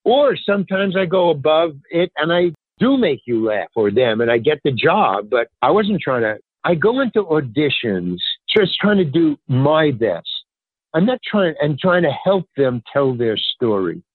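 A man's voice: a little high, moderate pace, breathy edge, dry recording. An older man and stand-up comedian, telling stories casually in an interview and acting out other people's lines. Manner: animated, acts out other people's lines in raised voices. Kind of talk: casual anecdotal storytelling in an interview. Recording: dry, phone-like narrow sound.

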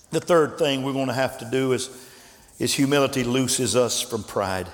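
A man preaching a sermon as pastor, moving between quiet storytelling and shouted calls to the congregation. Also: mid-range voice, moderate pace, a faint crowd, a little hiss or hum. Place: large church hall. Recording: echoey church hall with congregation.

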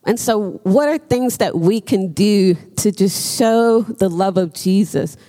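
An earnest woman preaching a sermon, stressing her points and pausing on frequent ums. Her voice sits at an ordinary pitch for a woman. It rings out with a long echo, as in a church hall. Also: dark tone.

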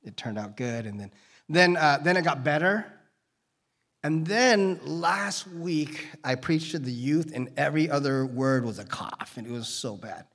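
A man's voice: on the high side, lively intonation, unhurried, fairly bright tone. A man preaching a casual sermon to a church congregation, joking and wandering off on tangents as he talks. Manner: rambling, joking, drifting into tangents. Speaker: guest preacher.

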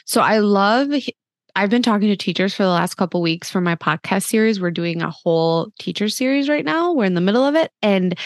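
A woman in her thirties hosts a podcast conversation in an earnest, chatty way, tossing in "like" often. Her voice sits at an ordinary middle pitch. The recording is close and dry, with no room sound. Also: no echo. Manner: earnest, chatty, many "like" fillers. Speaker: podcast host. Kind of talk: casual podcast chat.

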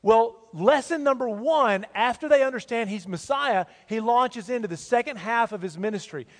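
A man's voice: very high-pitched, moderate pace. A man preaching a sermon as pastor of a church, talking in a conversational, folksy storytelling way. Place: church sanctuary. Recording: long reverb of a church hall.

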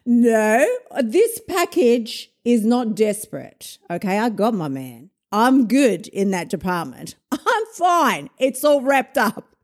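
A woman, a weight loss coach telling a story in a casual monologue, animated, swearing and laughing often. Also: a little high, takes it slowly.

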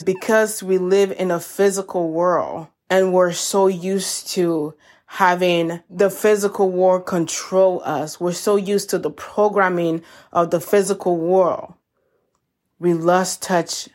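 Slow, gentle woman podcaster. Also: lowish voice, steady tone. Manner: slow, gentle and encouraging, addressing listeners as y'all. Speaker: podcast host. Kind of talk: reflective self-help talk.

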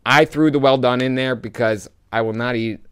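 A young man co-hosting a casual chat, rambling through animated stories with swearing. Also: medium pitch, moderate pace, smooth. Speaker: podcast co-host.

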